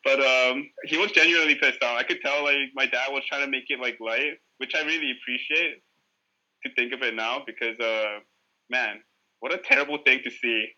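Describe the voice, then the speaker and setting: A man chats as a podcast guest, spinning a loose story thick with swearing and filler words. His voice is sharp and very bright. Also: mid-range voice, steady tone, normal speed, dull audio. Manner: rambling, profane, heavy use of filler "like". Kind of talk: casual storytelling chat.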